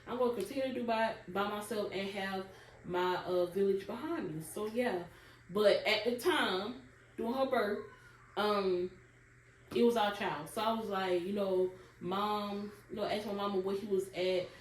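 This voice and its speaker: A young woman tells her story to the camera, talks right to her viewers and fills her talk with y'all. Her voice sits at a middle pitch. The sound is roomy and a little distant, with a faint hiss underneath. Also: moderate pace. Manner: addresses viewers as y'all often, casual Southern US dialect. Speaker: vlogger telling her birth story. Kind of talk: emotional personal storytelling to camera.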